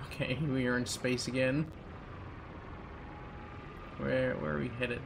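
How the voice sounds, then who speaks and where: A man's voice: mid-range voice, flat delivery, measured pace, creaky, background noise. A young man giving casual, rambling, joking commentary over a video game playthrough. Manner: rambling, joking, self-interrupting. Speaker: gaming channel host. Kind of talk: casual let's play commentary.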